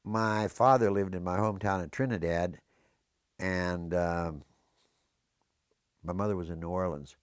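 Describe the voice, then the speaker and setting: A man's voice: sits low, a little slow, long pauses, clean tone, no room sound, studio quality. An older American man, a veteran, recalling his service in an oral history interview, wandering into historical tangents as he talks. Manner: rambling storyteller prone to historical tangents.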